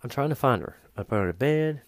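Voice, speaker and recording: A man performing a comic monologue, telling an exaggerated story in an animated way. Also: mid-range voice, fast talker, no room sound. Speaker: comedian.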